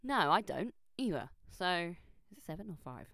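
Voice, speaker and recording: A young woman telling a personal story in a chatty, animated way, full of fillers and restarts. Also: on the low side, moderate pace, creaky, dry recording. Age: young adult. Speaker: vlogger. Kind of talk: casual storytelling. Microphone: close microphone.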